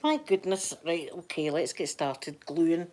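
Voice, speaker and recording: Soft-spoken Scottish woman, ASMR chat. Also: sits low, very animated, measured pace. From Scotland. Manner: soft-spoken, chatty, drifting into whispers. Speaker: ASMR live streamer.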